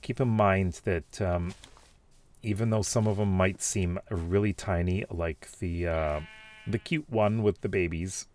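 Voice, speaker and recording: A man's voice: deep voice, steady tone, unhurried, a little mellow. A man casually reading out and reacting to viewer comments, rambling with many fillers and restarts. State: has the hiccups.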